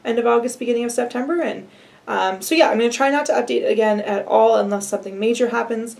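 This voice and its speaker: Young woman, casual vlogger, rambling, slightly gravelly tone. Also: fairly high pitch, fast, darkish tone. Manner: rambling and chatty, laughing now and then. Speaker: adoption vlogger. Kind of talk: casual solo vlog update.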